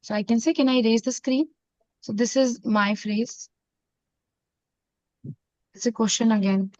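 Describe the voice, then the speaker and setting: A woman with an Indian accent teaching a French class, mixing in Hindi and repeating phrases slowly. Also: a little high, a little mellow, no room sound. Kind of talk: online classroom lesson. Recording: dull, dry lo-fi sound.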